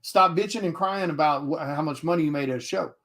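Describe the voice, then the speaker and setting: A man's voice: on the high side, quick pace, fairly bright tone. A man, an indie comic artist, talking to his viewers in a blunt, profane casual rant, with many restarts.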